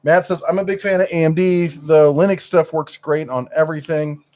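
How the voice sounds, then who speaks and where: A man's voice: fairly high pitch, steady tone, brisk, darkish tone. Rambling middle-aged man on a live stream. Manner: rambling, searches for words with many fillers. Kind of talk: casual live-stream chat.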